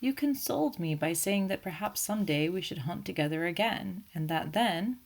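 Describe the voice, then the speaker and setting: A woman's voice: fairly low pitch, lively intonation, moderate pace, creaky. A woman voicing an earnest, romantic young Englishman in an audiobook, in her own everyday voice. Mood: eager, earnest. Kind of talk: audiobook character voice.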